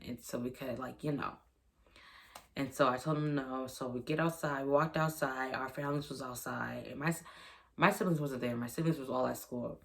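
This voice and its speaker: Very low, gravelly young woman. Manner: rambling, repetitive retelling with quoted dialogue. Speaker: vlogger. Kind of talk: storytime vlog.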